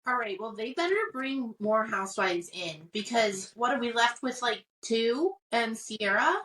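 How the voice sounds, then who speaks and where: A woman co-hosting a pop culture podcast, chatting casually and retelling gossip with quick reactions. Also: on the high side, a bit bright, far from the mic. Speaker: podcast co-host. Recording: roomy sound, mic farther off.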